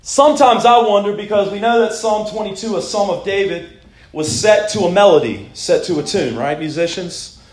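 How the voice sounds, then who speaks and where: A male pastor with a high voice delivers a sermon. He reads scripture aloud, swinging between loud, pleading lines and low, hushed ones. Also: normal speed, reverberant.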